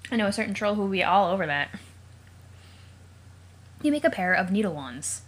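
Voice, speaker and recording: A woman's voice: medium pitch, animated, a little fast. Chatty woman reading aloud with jokes. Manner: chatty, joking asides, wondering aloud. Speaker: let's play host. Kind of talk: casual read-aloud with commentary.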